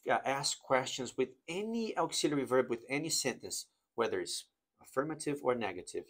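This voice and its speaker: A man with a mid-range voice teaches an English grammar lesson, explaining things slowly and reading example sentences with exaggerated intonation.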